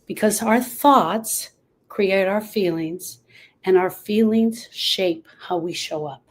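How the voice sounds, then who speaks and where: A grief coach who also hosts a podcast speaks slowly to camera in a medium-pitched voice, and the audio is poor. She talks listeners through coping tools, repeating key phrases for emphasis.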